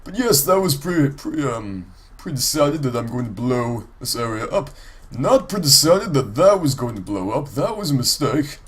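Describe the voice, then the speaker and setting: A man's voice: mid-range voice, very animated, moderate pace, breathy edge. Congested, nasal man rambling over gameplay. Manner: rambling, with many ums and restarts. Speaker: let's play creator. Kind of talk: casual gameplay commentary.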